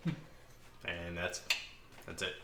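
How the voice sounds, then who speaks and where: A man playing a tabletop game, calmly declaring his moves and counting them out aloud. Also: deep voice, roomy sound, heavy background noise. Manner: slow, methodical, counts things out aloud. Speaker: player. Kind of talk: casual tabletop game play.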